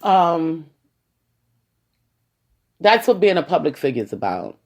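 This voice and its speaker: A woman's voice: low-pitched, big pitch swings, slow, a little mellow. New York woman talking off the cuff. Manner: rambling, conversational, keeps saying "you know". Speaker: community activist and podcaster. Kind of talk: casual podcast monologue.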